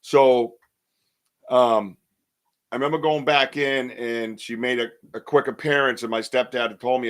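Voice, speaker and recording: A man's voice: mid-range voice, normal speed, a bit bright. A man in his fifties hosting a podcast, telling a personal story in a casual way and acting out what people said. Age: 50s. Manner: vivid storyteller who acts out what people said. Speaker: podcast host.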